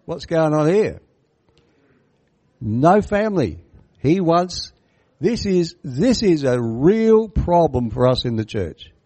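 Speaking slowly with long pauses, a man with a slightly high voice preaches on a Bible parable. He's animated and emphatic, commenting on the text and repeatedly putting questions to his listeners.

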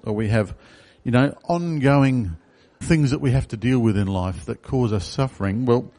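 A man's voice: mid-range voice, moderate pace, mellow. A man preaching a sermon in a conversational way, asking the congregation questions. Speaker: pastor.

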